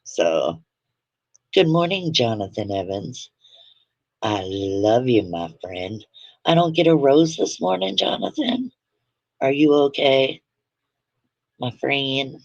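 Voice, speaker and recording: A woman's voice: very deep voice, very animated, slow pace, pauses often, dry recording. A woman hosting a livestream at home, telling stories in a blunt, profane, chatty way. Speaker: livestream host. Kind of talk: casual livestream storytelling. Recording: dull dry lo-fi livestream audio.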